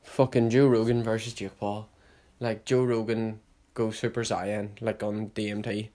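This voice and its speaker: A young man hosting a solo podcast, rambling casually with heavy swearing and sudden loud hype bursts. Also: lowish voice, flat delivery, unhurried. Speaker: podcast host.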